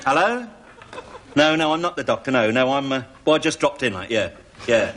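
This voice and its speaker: This TV sketch has an actor as a cheeky middle-aged burglar passing himself off as a doctor, bluffing chattily with lots of tag questions. The male voice is mid-range, animated, brisk, and a bit bright, close to his everyday voice, on a noisy old TV recording.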